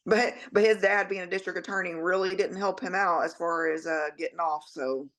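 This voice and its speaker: A woman's voice: fairly low pitch, steady tone, a little fast, a bit bright. Blunt, profane woman in casual chat. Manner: blunt, profane, laughs often. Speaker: podcast co-host. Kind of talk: casual true-crime chat.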